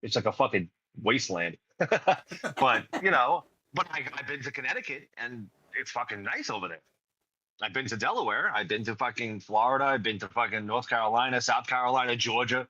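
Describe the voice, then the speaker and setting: A man from New York talks in a bright, forceful voice with a New York accent. He rambles and swears through a loose podcast chat. The sound is dry and a little dull. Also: mid-range voice, lively intonation, brisk, no echo. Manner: rambling and profane, heavy fillers. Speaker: podcast co-host. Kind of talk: casual chat.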